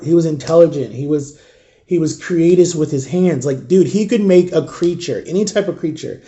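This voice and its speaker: A grieving, shaken man talking straight to camera in an emotional storytime vlog, halting and raw, often sinking to a near whisper. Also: fairly high pitch, dark tone. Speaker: vlogger.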